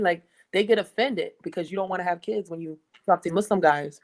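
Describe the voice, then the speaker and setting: A woman's voice: on the low side, a little fast, low-quality recording. A young American woman telling stories in a blunt, profane, casual way. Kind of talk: casual chat.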